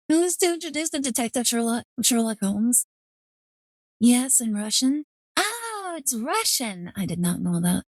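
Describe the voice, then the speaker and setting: A woman streaming a game, chatting casually in an excitable, rambling way full of fillers. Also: on the high side, unhurried, pauses often, no echo.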